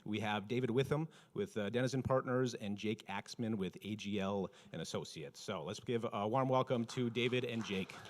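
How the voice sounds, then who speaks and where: A man's voice: lowish voice, moderate pace, hardly any pauses. A man hosting a community event, reading announcements casually with fillers and a joke. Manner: casual, joking, many fillers. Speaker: event host.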